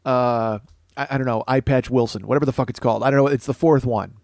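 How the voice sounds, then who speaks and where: A man's voice: medium pitch, fairly even intonation, fast talker, darkish tone, no room sound. A man hosting a comedy podcast, ranting in a rambling, profane way that keeps interrupting itself. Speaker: podcast host.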